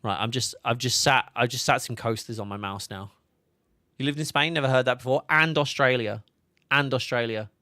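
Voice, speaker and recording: A man's voice: medium pitch, brisk, sharp tone, no room sound, studio quality. A man, chatting casually on a game livestream, laughing often and reading chat aloud. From England. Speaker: game streamer.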